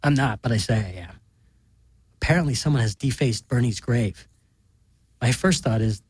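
Husky guy reading a story deadpan, super dry close sound. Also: medium pitch, normal speed, long pauses, no echo. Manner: deadpan, matter-of-fact. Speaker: narrator.

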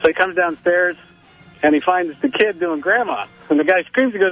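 A man calls in and tells a long joke in a steady, plain way, his voice a bit high. The dull, lo-fi phone line takes the edge off his sound. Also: brisk, faint music behind. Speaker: caller.

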